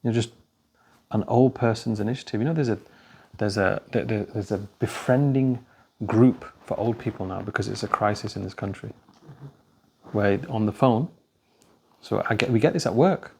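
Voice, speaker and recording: A man's voice: on the low side, normal speed, vocal fry, long pauses, a little mellow, a little hiss or hum. A man giving a conversational religious talk, telling stories and acting out the dialogue. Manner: anecdotal, conversational, acts out dialogue. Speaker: speaker at a talk.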